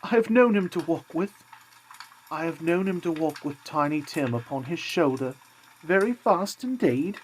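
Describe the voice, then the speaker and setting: A man voicing a gentle, grieving working-class mother who speaks steadily and tenderly. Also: high-pitched, lively intonation, moderate pace, slight background noise, voice pushed up, rough recording. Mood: steady.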